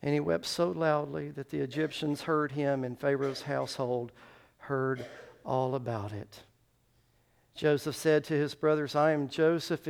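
A man's voice: medium pitch, creaky. A male pastor preaching a sermon, retelling a Bible story with emotion and briefly singing a refrain.

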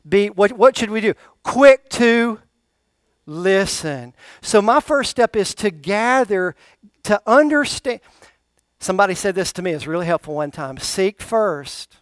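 High, smooth-voiced preacher man. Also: dry recording, clean studio sound. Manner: call-and-response preaching, questions to the congregation. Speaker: pastor. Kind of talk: sermon. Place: church service.

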